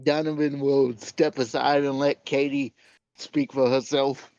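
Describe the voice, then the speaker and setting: A man playing a tabletop game, speaking in a calm, measured way. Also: medium pitch, no echo. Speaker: player. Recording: dull lo-fi mic.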